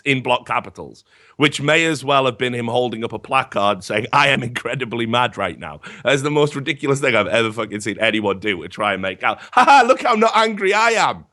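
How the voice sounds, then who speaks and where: A man in casual podcast chat who tells stories in an animated, swearing way, with sarcastic asides. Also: fairly low pitch. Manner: animated, profane storytelling. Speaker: podcast guest.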